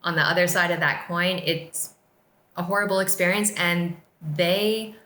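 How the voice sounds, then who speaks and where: Here is a woman with a somewhat low, bright, forceful voice who speaks as a podcast guest. She explains things in an earnest, encouraging way, and she is recorded in an echoey room. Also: fairly even intonation, moderate pace. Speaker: podcast guest, office staff. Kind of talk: casual podcast chat.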